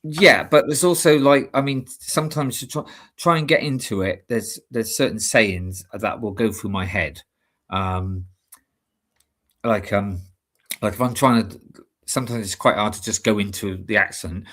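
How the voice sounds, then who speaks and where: A man co-hosting a live stream, chatting casually and rambling with many halting restarts. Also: fairly low pitch, a bit bright. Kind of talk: casual chat.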